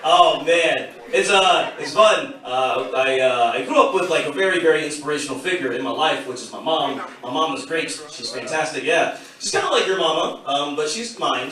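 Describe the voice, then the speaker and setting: A wry man in his thirties telling stand-up jokes on a club stage, with a fairly high voice and self-deprecating delivery. He is picked up from a distance in a very echoey room. A packed audience is loud behind him. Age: 30s. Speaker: stand-up comedian. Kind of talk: stand-up comedy set. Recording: echoey club from far off with crowd.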